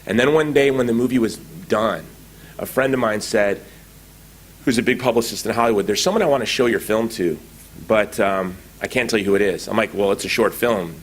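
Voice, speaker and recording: A middle-aged man giving a conference talk, telling a story with lively acted-out quotes. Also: lowish voice, fairly quick. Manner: animated storytelling, acting out quoted dialogue. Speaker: conference speaker. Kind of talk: anecdotal public talk. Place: conference hall.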